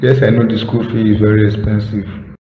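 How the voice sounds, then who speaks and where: A man as a gentle, reasoning father. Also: lowish voice, level tone, brisk, reverberant, big-room sound, phone-quality sound, natural voice. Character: kind father, calm husband.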